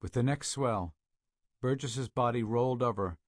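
A man narrating a thriller audiobook in a steady, measured way, on a close studio mic. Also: medium pitch, no echo.

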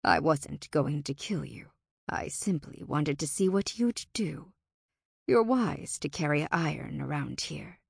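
A woman's voice: sits low, animated, unhurried, gravelly, husky, dry recording, studio quality, pitched below the performer's own voice, heavily acted. A woman voicing a sly, amused male fae.

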